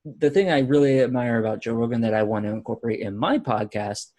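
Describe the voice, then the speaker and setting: Man, podcast host, easygoing, mid pitch, casual chat. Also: fast, a little mellow. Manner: easygoing, many short backchannels.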